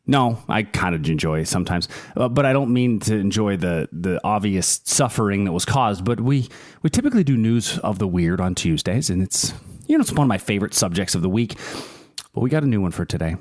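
A man with a lower voice co-hosting a chatty market show, swinging widely in pitch as he jokes and explains. The sound is dry and close. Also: expressive, brisk, a little mellow, no room sound. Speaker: co-host of a market news show. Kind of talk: casual chat and market commentary.

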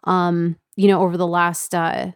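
Low-voiced woman co-hosting a talk. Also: flat delivery, measured pace, smooth, no echo, clean studio sound. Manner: conversational, many fillers, laughs easily. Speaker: co-host. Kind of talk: casual market talk show.

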